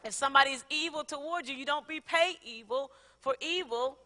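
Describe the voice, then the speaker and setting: Woman preaching in a big church hall, high bright voice, long echo, laughs a lot. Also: brisk. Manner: laughing often, call-and-response with congregation. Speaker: pastor. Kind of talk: sermon. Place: large church sanctuary.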